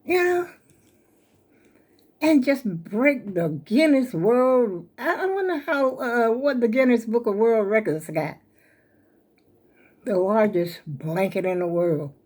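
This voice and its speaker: A woman's voice: a little high, lively intonation, slow, pauses often, darkish tone. An older woman, chatting casually and rambling folksy to her viewers at home while a little out of breath. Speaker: vlogger showing her crochet. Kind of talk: casual chat to camera.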